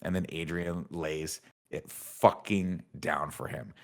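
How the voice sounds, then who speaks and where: A man in his thirties casually recapping a movie's plot as a podcast host, in a deadpan manner. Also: low voice, slow, gravelly. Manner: deadpan, reads out film dialogue in recaps.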